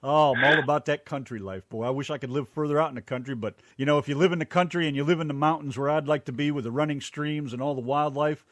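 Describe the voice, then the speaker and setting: A man's voice: a little high, quick pace, hardly any pauses, fairly bright tone, dry recording. Folksy joking guy hosting a radio chat, dry close sound. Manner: folksy, jokey. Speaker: radio show host. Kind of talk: casual radio interview.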